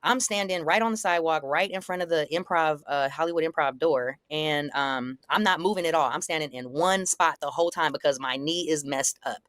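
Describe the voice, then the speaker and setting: A young adult woman casually recounting a confrontation, acting out the quoted lines in a higher, animated voice. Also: fairly quick, few pauses, dry recording, studio quality. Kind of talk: casual storytelling in conversation.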